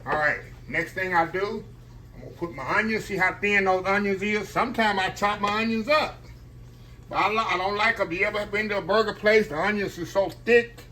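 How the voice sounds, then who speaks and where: A high-voiced man speaks briskly while cooking at his kitchen stove for his home cooking vlog, chatting casually, rambling, and addressing viewers as "y'all" throughout. It's a low-quality recording from a tripod camera, with slight background noise and a loud frying sizzle from the skillet.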